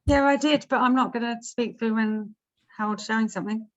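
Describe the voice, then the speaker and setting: A woman's voice: a little high, fairly quick, muffled recording. An Australian woman asking a question on a casual video call, chatty and a little hesitant. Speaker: club member. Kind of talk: casual chat.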